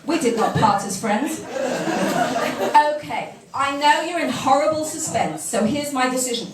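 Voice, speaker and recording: A British woman with a high voice reads a comic first-person piece with wry, self-mocking timing. The mic sits well back, so she sounds distant, and a roomy echo hangs on every line. Steady background noise from the venue runs under her voice. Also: unhurried. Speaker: reader at a live reading evening. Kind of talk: reading a humorous first-person piece to an audience. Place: café event room. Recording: echoey room, mic far off, background noise.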